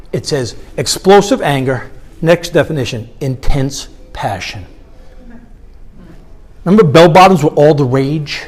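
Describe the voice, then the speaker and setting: A middle-aged man giving a live motivational talk with a guided meditation, questioning the audience as he goes. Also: on the high side. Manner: animated, engages audience with questions. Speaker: motivational speaker. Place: conference hall.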